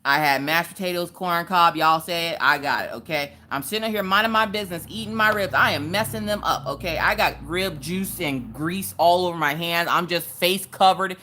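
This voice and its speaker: Southern lady streaming live, loud and chatty, bright forceful voice, a bit low pitched. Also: moderate pace, hardly any pauses, a little hiss or hum. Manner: loud, chatty, jumps to high squeals when greeting viewers. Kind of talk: casual live-stream chat.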